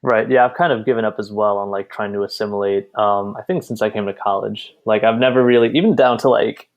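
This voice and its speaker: A young man in his twenties with a fairly low voice chats easily on a podcast. He rambles through relaxed stories full of fillers. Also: quick pace. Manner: relaxed, filler-heavy storytelling. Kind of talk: casual chat.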